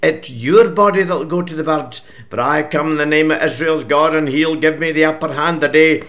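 A man's voice: a little high, moderate pace, a bit bright, voice pushed up, lightly acted. A Scottish man voicing plucky young shepherd David. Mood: bold. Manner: cheeky, confident, broad dialect.

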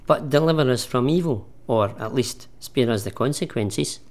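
A man's voice: medium pitch, moderate pace, lightly acted. A man playing a doubting, cheeky disciple in a comic church sketch. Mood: wry. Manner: hesitant, cheeky. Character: doubtful grown male disciple. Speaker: radio station manager.

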